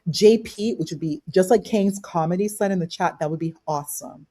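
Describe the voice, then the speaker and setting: A woman's voice: fairly low pitch, brisk, mellow, no room sound. A woman on a live video-call panel, talking emphatically in casual debate, repeating and restarting her sentences.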